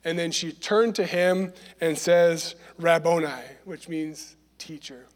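Man, high voice, Bible study teacher, conversational scripture lesson, long hall reverb. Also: steady tone, slow pace. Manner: conversational, frequent "right?" check-ins.

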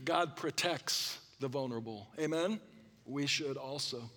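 A man preaching a sermon, explaining scripture and drawing calls of "amen" from the congregation, often clearing his throat. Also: medium pitch, unhurried, bright, forceful tone, in a large hall. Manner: expository preaching with congregation call-and-response. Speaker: pastor.

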